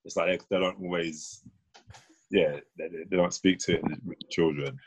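A man's voice: low voice, steady tone, moderate pace, slight background noise, poor audio. A man, thoughtfully talking in a casual chat.

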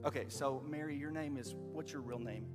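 This man's voice is medium-pitched and fairly quick as he narrates a story aloud and directs a children's skit through a handheld microphone. He laughs often and keeps things playful and encouraging. Faint music and long hall reverb fill the recording.

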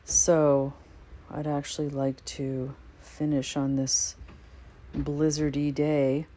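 A woman's voice: low-pitched, level tone, takes it slowly, mellow. A woman poet hosting a podcast, talking thoughtfully with frequent hesitant fillers and reading poems aloud. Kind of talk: casual podcast monologue with poetry reading.

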